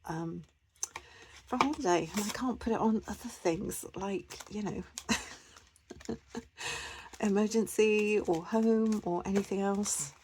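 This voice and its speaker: A woman's voice: medium pitch, noisy background. A woman chatting casually to camera as a budgeting vlogger, rambling with lots of fillers and restarts.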